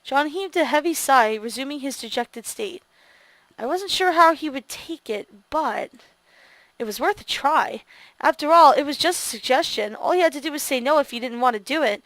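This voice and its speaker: A woman's voice: high voice, lively intonation, moderate pace, fairly bright tone, dry recording. A woman streamer reading a visual novel aloud and reacting expressively to it.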